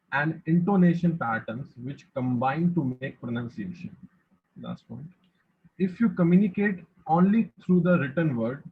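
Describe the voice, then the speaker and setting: A man student reading a prepared presentation aloud in measured, list-like steps. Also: on the high side, husky. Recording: tinny phone-like line.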